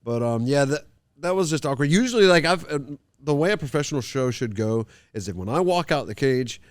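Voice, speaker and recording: Man, casual storyteller, loud, lively, acts out voices, dry sound. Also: on the high side, brisk, smooth, no echo. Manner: animated, loud when quoting himself. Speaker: podcast guest, fighter. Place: gym mats.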